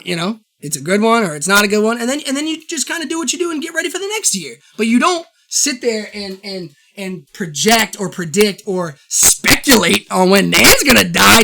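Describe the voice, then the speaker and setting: A man holds forth alone on his show, his voice bright and forward. He rants about sports with fired-up energy. He rambles, restarts and circles back to hammer the same points. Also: very high voice, creaky. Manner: fired-up, rambling, repeats himself. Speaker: show host. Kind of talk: solo sports opinion rant.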